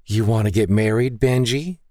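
A man's voice: lowish voice, darkish tone, dry recording, studio quality, pitched above the performer's own voice, close to an everyday voice. A man voicing a playful, petite young woman about to be married, with a sassy, teasing manner. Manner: sassy, quick retorts.

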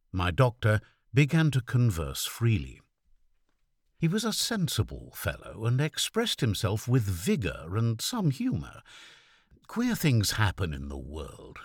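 A man narrating a classic story as an audiobook, in a measured, expressive storytelling manner. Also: deep voice, slightly rough, no echo, clean studio sound.

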